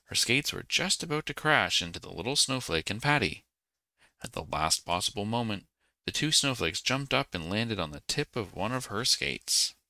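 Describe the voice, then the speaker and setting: Man reading a bedtime story, very low voice, gravelly, bright edge, dry close sound. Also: lively intonation, normal speed, dry recording.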